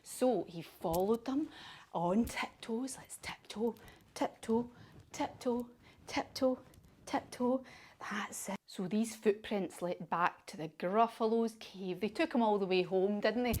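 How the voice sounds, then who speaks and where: A woman leads children through yoga poses while telling a storybook tale. Her instructions are sing-song and encouraging, and her pitch sits in a middle range. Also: measured pace, a little mellow. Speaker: kids yoga teacher.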